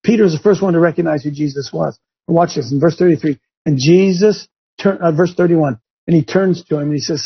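A male preacher gives a folksy, emphatic sermon. His voice sits high and sounds gravelly. The recording is dull and lo-fi. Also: lively intonation, a little slow. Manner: folksy, emphatic, talks straight to listeners.

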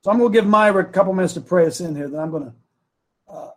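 Sitting high in pitch, a man hosting a preaching talk show speaks into a studio microphone. His delivery is emphatic, and he repeats lines and slows right down to drive his points home.

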